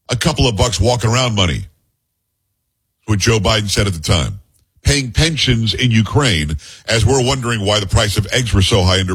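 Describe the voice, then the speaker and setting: Husky-voiced talk radio host. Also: male voice, on the low side, a bit bright. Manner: reads news aloud with blunt personal asides. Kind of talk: opinionated talk radio commentary.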